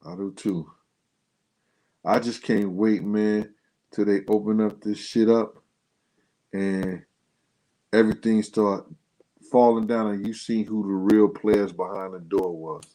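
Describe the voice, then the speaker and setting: Slow and prone to frequent pauses, this livestream host speaks in a steady, mellow tone, chatting to his viewers in loose slang. Getting worked up makes his pitch jump sharply. It's a low-quality recording.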